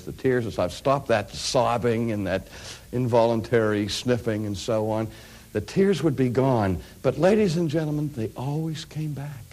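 A middle-aged male preacher with a somewhat low voice. He tells stories from the pulpit, dropping to near-whispers and then building to loud, ringing peaks. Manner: storytelling, dynamic swings from hushed to loud. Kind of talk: sermon.

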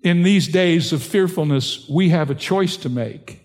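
An older man, a pastor, preaching an earnest sermon that climbs in pitch and force on key points. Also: unhurried, a little mellow, big-room sound.

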